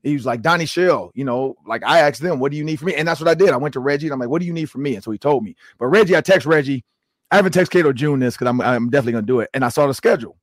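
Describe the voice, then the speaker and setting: A man in his forties hosts a sports podcast, spinning long stories and acting out what people said, full of "like" and "man." His voice sits at an ordinary pitch. The recording is dry and close, with little room sound. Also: rapid-fire, dry recording. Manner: animated storyteller, acts out quotes with lots of "like". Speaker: podcast host. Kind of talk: casual sports chat.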